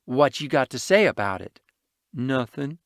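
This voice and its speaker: A jealous little street urchin who grumbles his slangy replies, as a male narrator puts him on. His lines are lively in pitch, and the reading is close and dry. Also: a little slow, creaky, no echo. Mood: sulky, envious. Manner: grudging, slangy mumble. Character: city urchin boy, envious and sulky.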